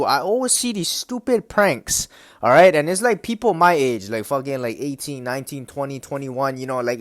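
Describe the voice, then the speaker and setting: A man's voice: fairly high pitch, no echo, studio quality. Profane young man ranting to camera. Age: young adult. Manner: profane, repetitive, keeps asking "right?". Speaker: vlogger. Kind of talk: casual rant to camera.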